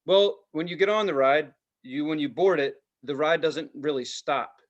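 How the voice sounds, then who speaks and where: A middle-aged man with a fairly high voice, recounting an incident on a podcast. He tells it in a casual, animated way, swearing freely as he gets fired up. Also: moderate pace, lo-fi sound. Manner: heated, profane, animated storytelling. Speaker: podcast co-host. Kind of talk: casual storytelling chat.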